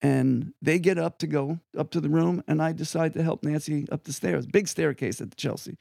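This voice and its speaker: An older man from Long Island, a guest musician telling rambling, animated stories with frequent asides in an interview. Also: on the high side, normal speed, vocal fry, no room sound, studio quality. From Long Island, New York. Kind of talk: anecdotal storytelling in an interview.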